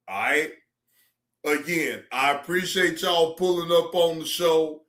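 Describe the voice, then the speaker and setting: A man with a high, bright voice hosts a casual live stream, talking slowly and unhurried. He laughs often, swears freely and circles back over the same words. The sound bounces around an echoey room. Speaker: live-stream reaction host.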